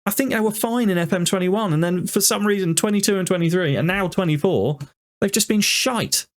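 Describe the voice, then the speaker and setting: A man's voice: high voice, fast talker. Exasperated man ranting over a game. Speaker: gaming YouTuber. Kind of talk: game commentary.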